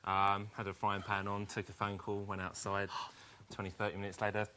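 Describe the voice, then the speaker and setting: A man's voice: lowish voice, completely flat delivery, fairly quick, pushed and bright, slight background noise. A man from London, a game show contestant who talks in a sheepish, self-deprecating way.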